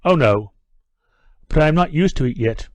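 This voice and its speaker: A woman's voice: low-pitched, animated, moderate pace, darkish tone, no echo. A man reading aloud who voices a reserved young woman answering in short, guarded replies.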